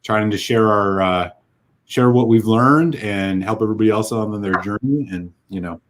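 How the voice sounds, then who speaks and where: Low-voiced man telling a rambling story. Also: moderate pace. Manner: rambling, heartfelt storytelling with many fillers. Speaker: whisky podcast co-host. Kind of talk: casual chat.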